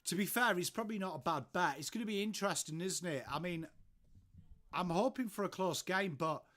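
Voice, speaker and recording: English bloke hosting a live stream from home, slightly higher voice, chatty, greeting his viewers by name. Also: a little fast, fairly bright tone. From England. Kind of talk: casual live watchalong chat.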